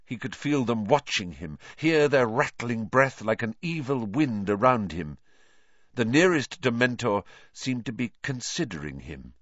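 A man reading a story aloud as narrator, with slow, dramatic delivery. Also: mid-range voice, big pitch swings, a bit bright, dry recording, dull audio.

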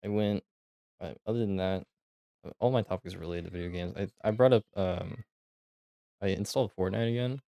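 A man's voice: low voice, a little fast, gravelly, pauses often, warm tone, clear, resonant tone, no echo. A man co-hosting a casual podcast, laid-back and swearing, with lots of fillers. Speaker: podcast co-host. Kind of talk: casual chat.

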